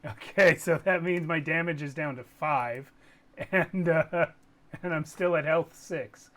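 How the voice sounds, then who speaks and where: A man playing a tabletop game, chiming in with quick, eager interjections. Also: on the high side, a bit bright. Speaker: player.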